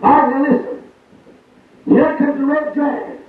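A man with a strikingly high voice delivers a fervent call-and-response sermon, rolling through repeated phrases and checking in with the congregation. The recording is thin and tinny, heard from a distance in a very echoey room. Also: flat delivery, normal speed, slight background noise. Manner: rhythmic, repeating phrases, often asking the congregation "is that right?". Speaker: preacher. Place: church service.

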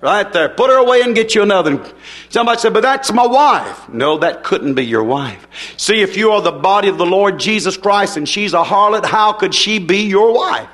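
A man preaching a fiery sermon, folksy and emphatic, swinging between soft asides and forceful declarations. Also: sits high, expressive, brisk.

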